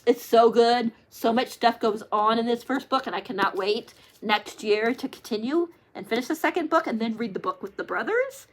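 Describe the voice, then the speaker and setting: Tearful high-voiced woman gushing about books. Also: animated, moderate pace, few pauses. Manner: gushing, emotional, many "like" fillers. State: tearful, near crying. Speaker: book reviewer. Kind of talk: casual book chat to camera.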